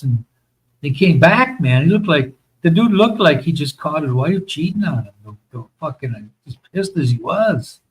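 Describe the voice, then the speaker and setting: A man's voice: a little high, lively intonation, normal speed, slightly rough, low-quality recording. Rambling, profane American man telling stories. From United States. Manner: rambling, profane, many fillers. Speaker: host. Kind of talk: casual storytelling chat.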